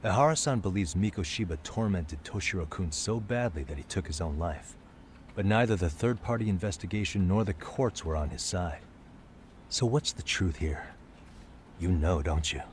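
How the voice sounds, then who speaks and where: A man voicing a calm, persistent detective who presses a witness with steady questions. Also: sits low, moderate pace, slight background noise. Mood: pressing. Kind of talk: game voice acting.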